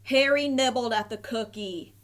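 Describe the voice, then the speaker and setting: A woman reading a children's picture book aloud in a gentle, clear narrating voice. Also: on the high side, moderate pace. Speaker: storybook reader.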